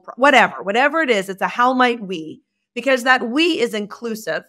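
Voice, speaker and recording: Podcast guest: expressive woman, higher voice, acts out little exchanges as she talks. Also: fairly quick. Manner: expressive, acts out dialogue with shifting pitch. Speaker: guest, communication expert. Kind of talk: animated podcast conversation.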